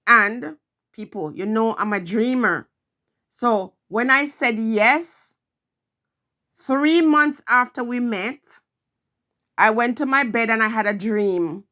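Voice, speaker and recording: A woman's voice: a little high, slow pace, pauses often, pushed and bright. A middle-aged woman vlogging, telling a personal story in an earnest, emphatic way, repeating her phrases.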